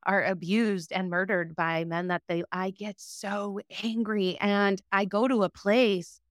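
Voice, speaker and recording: A woman's voice: mid-range voice, steady tone, unhurried, no room sound, studio quality. A woman hosting an interview, speaking earnestly and repeating her points for emphasis. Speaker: podcast host. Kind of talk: casual interview chat.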